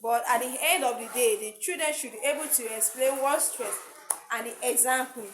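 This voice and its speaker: A high-voiced woman teaches a lesson, pausing and repeating words as she looks for the right one. The room is echoey, with a faint hiss behind her. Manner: halting, repeats herself while searching for words. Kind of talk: classroom lesson.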